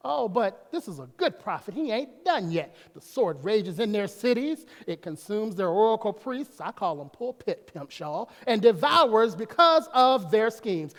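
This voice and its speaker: A man's voice: sits high, big pitch swings, measured pace, few pauses, fairly bright tone. A man preaching a sermon as pastor, folksy, breaking off to talk to himself and to the congregation. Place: church sanctuary. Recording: long reverb of a church hall.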